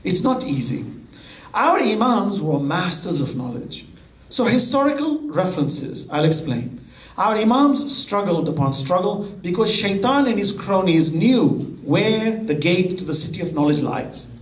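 A man's voice: sits high, very animated, measured pace. A man preaching a sermon, mixing Arabic quotations into his English. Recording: echoey hall.

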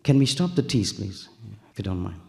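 Gravelly-voiced male preacher telling a story. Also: on the low side, fairly quick. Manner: animated storyteller, acts out dialogue, mixes in Arabic and Urdu phrases. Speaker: Islamic preacher. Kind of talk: sermon with storytelling.

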